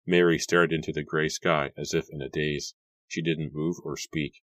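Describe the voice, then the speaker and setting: Very deep-voiced male audiobook narrator. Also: flat delivery, normal speed, a bit bright, no echo.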